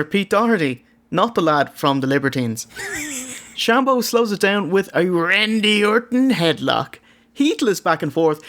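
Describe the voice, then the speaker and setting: A man's voice: high voice, fairly bright tone. An Irish man co-hosting a wrestling review, reading a scripted recap with sardonic, jokey asides. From Ireland. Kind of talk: scripted comedic review narration.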